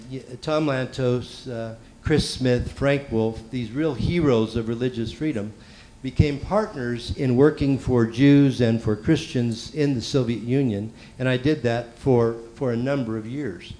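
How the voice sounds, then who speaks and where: Middle-aged man, mid pitch, conversational panelist, hesitant with fillers, faint room noise. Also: darkish tone, low-quality recording. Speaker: university president. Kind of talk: conference panel remarks.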